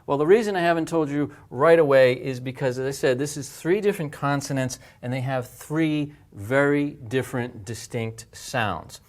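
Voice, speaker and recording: A man's voice: medium pitch, moderate pace, hardly any pauses. Patient man teaching letter shapes. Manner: patient, step-by-step, demonstrates sounds. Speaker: language teacher. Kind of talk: explaining pronunciation and handwriting.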